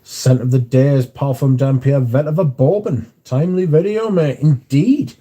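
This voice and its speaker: A man's voice: mid-range voice, normal speed, dark tone. Dry, offhand man. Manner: dry, offhand, reads chat comments aloud and answers briefly. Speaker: livestream host reading chat. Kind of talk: casual chat.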